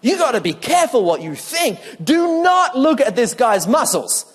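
High-voiced man preaching in echoing hall. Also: normal speed, slightly rough. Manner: animated storyteller who acts out quotes with humor. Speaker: preacher and speaker. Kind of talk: sermon mixing scripture and neuroscience. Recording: long hall reverb.

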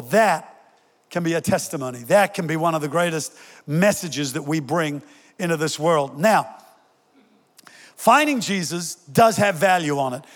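A man's voice: fairly high pitch, expressive, moderate pace, in a large hall. An older male pastor giving a sermon in a conversational way, joking with the congregation and telling stories. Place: church hall.

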